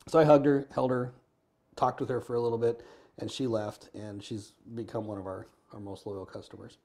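An American man telling a story in an interview, earnest and quick, acting out the lines of the people in it. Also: mid-range voice, fairly even intonation, a little mellow. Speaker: podcast guest.

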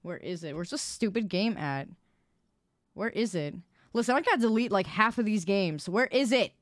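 A woman streamer chatting casually with her viewers, loud and expressive, quick to protest and tease. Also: medium pitch, no echo, studio quality.

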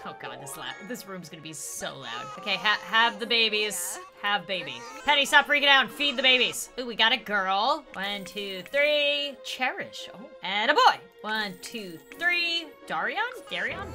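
A young woman chatting casually over gameplay, excitable and talkative, with loud bursts of cheering. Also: mid-range voice, normal speed. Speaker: gaming YouTuber. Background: game music.

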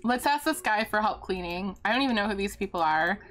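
A woman's voice: mid-range voice, lively intonation, brisk, fairly bright tone. A young adult woman streaming a game live, giggly and effusive as she thanks her chat.

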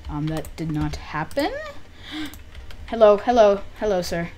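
Chatty excitable woman gaming host. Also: low voice, takes it slowly. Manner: chatty, excitable, lots of "like" fillers. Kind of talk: casual game commentary.

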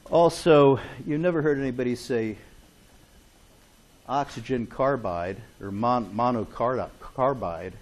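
A man's voice: mid-range voice, darkish tone. A man lecturing a chemistry class in a classroom, chatty and joking, often checking in with "okay?". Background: students in class.

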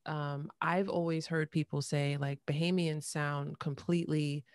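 A woman hosting a podcast interview, talking in an animated, friendly way with many fillers. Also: deep voice, unhurried, no echo, clean studio sound. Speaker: podcast host.

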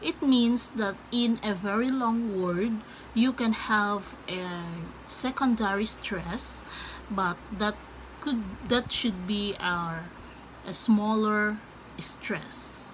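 A woman's voice: medium pitch, takes it slowly, a little hiss or hum, poor audio. A woman vlogger who explains a lesson in a casual, chatty way, laughing between her points. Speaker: vlogger explaining word stress. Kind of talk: casual teaching vlog.

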